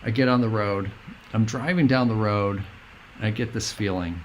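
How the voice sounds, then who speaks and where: A middle-aged man, a guest, telling a personal story in an earnest, meandering, halting way. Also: fairly low pitch, steady tone, a little hiss or hum.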